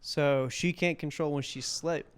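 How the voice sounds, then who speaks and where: Lively young man telling stories. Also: on the high side, unhurried, clean tone. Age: 20s. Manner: animated, laughing storyteller who acts out scenes. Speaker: podcast guest, comic. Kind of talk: casual storytelling. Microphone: podcast microphone.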